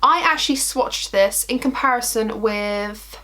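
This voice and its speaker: Chatty young woman doing her makeup at the mirror, kinda high voice, laughs at herself a lot. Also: measured pace, bright, forceful tone. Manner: chatty, self-deprecating, rambling asides. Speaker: makeup vlogger. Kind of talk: casual makeup tutorial chat. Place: at home, in front of a mirror.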